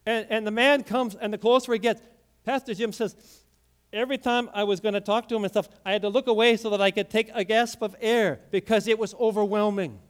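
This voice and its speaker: A man preaching a sermon through a story, swinging from hushed lines to loud, emphatic peaks. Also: sits high, steady tone, a little fast, clear, resonant tone.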